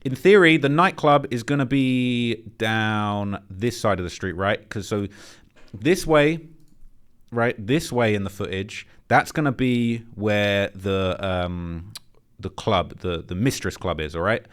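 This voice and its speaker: A man hosting a commentary channel, reacting to footage in an animated, speculative, blunt and slangy way. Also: lowish voice, slow pace, clear, resonant tone.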